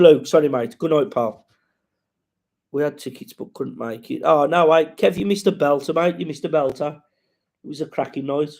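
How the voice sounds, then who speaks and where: Gravelly man chatting on a live stream. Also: medium pitch, warm tone. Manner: rambling, sweary, reads out viewer comments and greets them. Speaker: comedian hosting a live chat. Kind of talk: casual live-stream chat.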